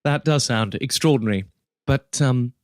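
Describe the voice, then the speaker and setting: A man's voice: mid-range voice, normal speed, darkish tone, clean tone, no echo, studio quality. A man hosting a podcast, reacting to his guest's stories with swearing and teasing remarks. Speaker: podcast host. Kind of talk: casual interview chat.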